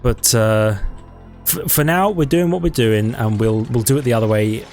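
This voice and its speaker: A man's voice: on the low side, darkish tone. A man giving casual let's-play commentary, thinking aloud in a chatty way and correcting himself as he goes. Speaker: gaming YouTuber.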